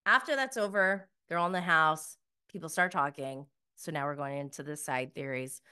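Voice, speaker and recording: A woman's voice: sits low, moderate pace, bright, forceful tone, clear, resonant tone. A woman giving a casual recap review of a TV episode, gushing, giggly and exasperated by turns. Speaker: TV show reviewer.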